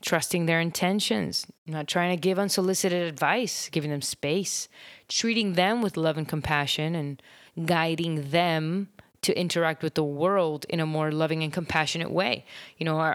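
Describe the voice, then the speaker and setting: A woman in her thirties talks through her thoughts on a solo podcast. Her voice sits low and her delivery is chatty, full of fillers and easy laughter. The sound is dry and close, with no room around it. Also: normal speed, no echo. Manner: warm, chatty, laughs often, many fillers. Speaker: podcast host. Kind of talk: casual solo podcast talk.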